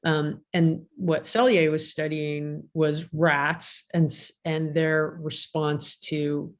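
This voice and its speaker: A woman sports psychologist giving a casual talk over a video call, lively, with many restarts and "right?" tags. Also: sits low, slow. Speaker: guest speaker, sports psychologist.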